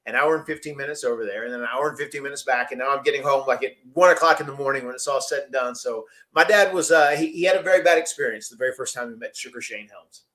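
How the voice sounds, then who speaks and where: Podcast host, man, rambling casual storyteller, mid pitch. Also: quick pace, few pauses, sharp tone. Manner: chatty, rambling, laughs often.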